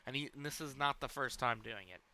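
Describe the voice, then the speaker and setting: A man's voice: mid-range voice, fast, bright, forceful tone. A man hosting a live stream, reacting to a clip with rambling, profane commentary. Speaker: streamer host.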